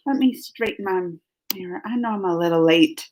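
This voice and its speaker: A woman's voice: mid-range voice, fairly quick, darkish tone. A woman hosting a casual live stream who laughs often and greets her chat by name. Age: adult, mother of school-age kids. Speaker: livestream host.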